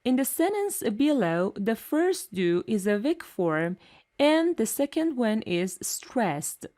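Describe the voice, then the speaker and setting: A woman teaching English pronunciation in a slow, scripted lesson, saying each example word twice with careful enunciation. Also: a little high, big pitch swings, mellow.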